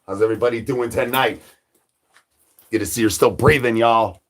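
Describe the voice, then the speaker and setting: A man's voice: mid-range voice, fairly even intonation, normal speed. A man hosting a livestream, rambling in a hungry zombie persona with repetitive sing-song catchphrases and crude jokes. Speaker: livestream host.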